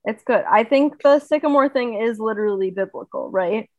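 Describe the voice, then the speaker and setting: A woman in her twenties co-hosting a podcast, chatting quickly with fillers and bursts of laughter. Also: fairly high pitch, dry recording, dull audio, close to an everyday voice. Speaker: podcast co-host. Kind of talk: casual chat.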